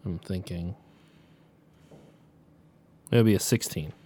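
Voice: sits low, slow pace, mellow, slight background noise. A player in character at a tabletop game, teasing and incredulous.

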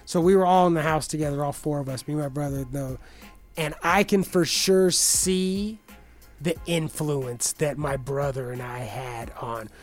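A man's voice: fairly high pitch, fairly even intonation, a little slow, faint music behind. A young man telling rambling, profane stories in casual chat, full of restarts and fillers. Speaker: podcast guest telling stories.

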